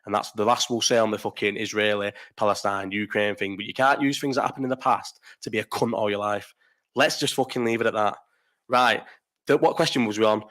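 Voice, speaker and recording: Young bloke hosting a live stream: blunt, sweary, rambling chat with plenty of restarts. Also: male voice, on the low side, fairly quick, fairly bright tone.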